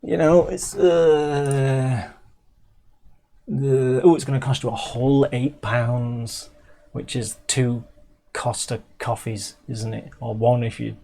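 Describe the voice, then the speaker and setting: In a warm, creaky mid-range voice with fairly even intonation and a slow pace, a middle-aged Englishman casually reviews a music video over a faint hiss or hum. He's chatty but keeps restarting his sentences, dropping in lots of ums.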